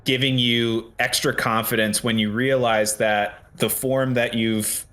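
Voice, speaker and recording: Low-voiced dude running a tabletop game, rambly, lots of uhs and restarts. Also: male voice, fairly bright tone. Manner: rambling, many fillers and restarts. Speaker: game master.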